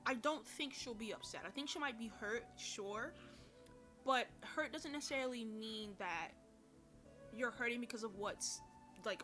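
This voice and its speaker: A woman with a high, bright, forceful voice gives casual commentary as host of a review show. She rambles, restarts her sentences and fills the gaps with "like" and "you know." Soft music plays faintly behind her. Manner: chatty, rambling, frequent fillers and self-corrections. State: burping from heartburn. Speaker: podcast host reviewing a TV drama.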